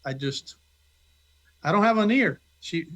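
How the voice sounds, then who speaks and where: Easygoing, high-voiced male actor. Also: lively intonation, a little slow, a bit bright. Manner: easygoing, talkative. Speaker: actor guest. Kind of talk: casual interview chat.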